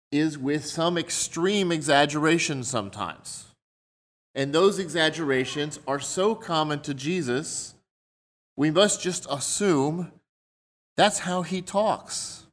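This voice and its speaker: A man's voice: on the high side, a bit bright. A man preaching a sermon in a conversational way, explaining his points through everyday examples.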